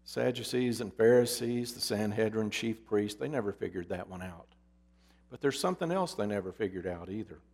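A man preaching a sermon in a deliberate, emphatic storytelling manner, his endings dropping low. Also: creaky, a little mellow. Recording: long hall reverb.

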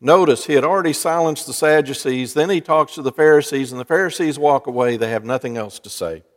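A man's voice: on the high side, a little fast. A man, a pastor, giving a sermon in a chatty, storytelling way. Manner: conversational storytelling preacher. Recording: long church reverb.

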